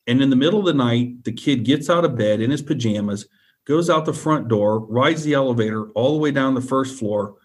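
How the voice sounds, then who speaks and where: A man's voice: medium pitch, brisk. A man telling a personal story as a guest, earnest and repetitive, often checking in with the listener.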